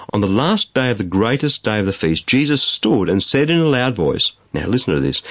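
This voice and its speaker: A man preaching a sermon in an emphatic, animated way, repeating phrases for stress. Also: fairly low pitch, no echo, clean studio sound. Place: studio.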